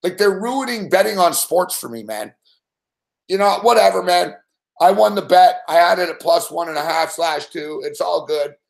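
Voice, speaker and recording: A man's voice: high-pitched, expressive, moderate pace, vocal fry. A young man hosting late-night sports betting commentary, ranting angrily and swearing at a referee. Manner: profane angry ranting.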